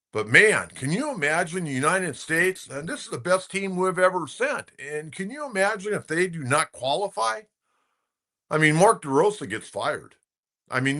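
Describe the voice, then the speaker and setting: A man's voice: a little high, a bit bright. An older man hosting a sports talk show, chatting and telling stories in an opinionated way, with frequent fillers. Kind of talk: casual sports talk commentary.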